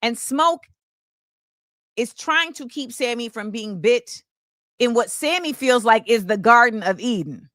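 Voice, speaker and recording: A woman's voice: on the high side, expressive, measured pace, a bit bright, no room sound, studio quality. A woman hosting her own show, delivering an impassioned film commentary monologue and repeating key phrases for emphasis. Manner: opinionated and impassioned. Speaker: show host.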